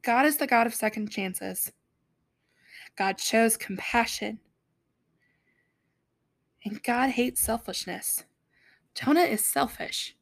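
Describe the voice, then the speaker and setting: A young woman giving casual, slangy Bible study commentary, chatty and quick to laugh. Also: a little high, creaky. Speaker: Bible teacher.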